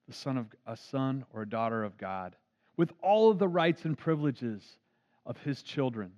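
A man's voice: medium pitch, expressive, normal speed, darkish tone. A man, a pastor, preaching an earnest storytelling sermon. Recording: dull lo-fi recording.

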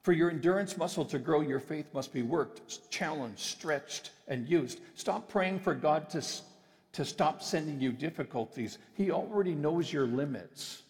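A man preaching a sermon, emphatic and sometimes slowing his phrases for weight. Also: a little high, a little mellow. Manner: emphatic, with deliberate slowed phrases. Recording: long reverb of a large hall.

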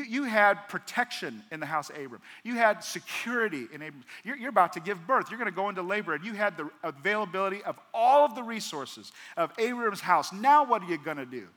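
High bright-voiced preaching man, hall reverb. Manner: preaching with acted-out dialogue and rhetorical questions. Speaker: pastor. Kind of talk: sermon. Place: large church hall.

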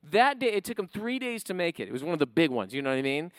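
A man's voice: a little high, very animated, fast talker, no room sound. A man preaching a sermon who tells a family story, then builds to emphatic preaching. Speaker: pastor.

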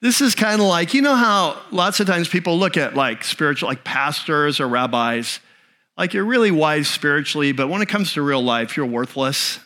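Man, pastor, sermon, bright tone, slightly high voice, animated conversational storytelling. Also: moderate pace.

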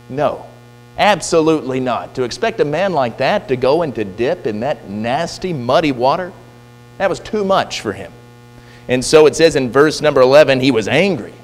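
Male preacher, mid-pitched, lively intonation; retells scripture with voiced quotes, church hall echo. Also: normal speed. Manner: animated storytelling, voicing quoted figures. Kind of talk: sermon retelling a Bible story. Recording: distant reverberant hall with faint hum.

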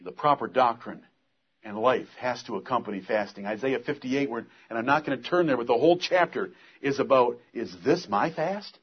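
A man's voice: mid-range voice, brisk, breathy edge, muffled recording. A man preaching a sermon, earnest, reading scripture aloud and pressing the point with force.

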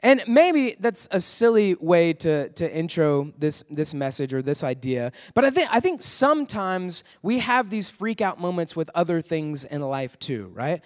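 High-voiced man preaching in a reverberant hall. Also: very animated, unhurried, hardly any pauses. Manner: conversational, storytelling, asks the crowd questions. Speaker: youth pastor. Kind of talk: sermon to students.

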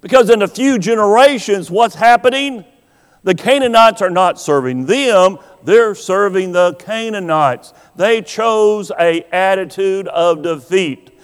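A high-pitched man preaching in a slow, deliberate way. He asks rhetorical questions and leaves dramatic pauses, and his voice rings out with a long hall reverb behind it. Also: clean tone. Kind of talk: sermon.

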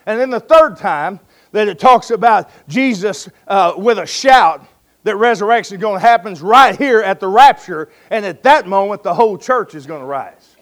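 A man's voice: high-pitched, lively intonation, moderate pace, fairly bright tone. A man preaching a sermon, telling stories in a folksy way and calling his listeners friend and folks.

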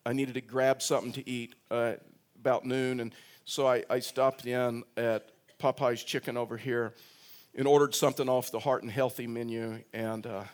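A man's voice: medium pitch, little pitch movement, moderate pace, clear, resonant tone. Guy preaching, chatty and loose, lots of restarts and repeats, punches words up now and then. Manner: conversational, repeats words and restarts, rises for emphasis. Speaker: pastor. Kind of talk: sermon with personal story.

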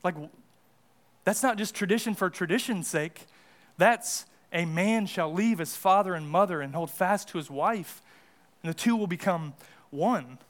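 A man's voice: high-pitched, a bit bright. A young American man preaching a sermon as pastor, casual and conversational with fillers and restarts. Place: church sanctuary.

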